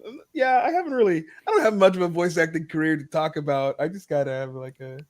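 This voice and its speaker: A man's voice: fairly high pitch, lively intonation, quick pace. A man on a video call chatting casually as a cast member, laughing often and poking fun at himself. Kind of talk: casual group chat.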